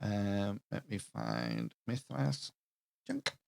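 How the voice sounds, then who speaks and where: A man running a tabletop game as game master, talking in a relaxed way with frequent chuckles and fillers. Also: lowish voice, extremely slow, vocal fry. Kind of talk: narrating a tabletop game over a video call.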